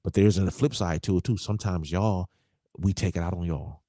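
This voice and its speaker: A man's voice: normal speed, dry recording, studio quality. A man who is a pastor, hosting a casual church podcast, joking and acting out quoted lines in a raised voice. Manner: lively, joking, acts out quoted lines in a high voice.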